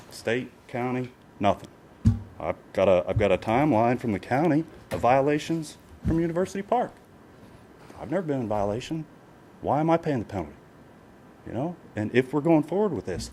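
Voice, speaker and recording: A man's voice: medium pitch, dark tone, a little hiss or hum. A man speaking as a property owner at a county planning meeting, emotional and pleading, repeating himself with many filler phrases. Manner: emotional, pleading, repetitive with many "you know"s. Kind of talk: public comment at a county meeting.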